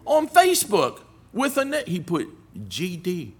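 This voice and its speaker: An older man preaching a sermon, telling folksy stories with humor and rising to forceful emphasis on scripture. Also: a little high, huge pitch swings, a little slow, few pauses. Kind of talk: sermon with storytelling.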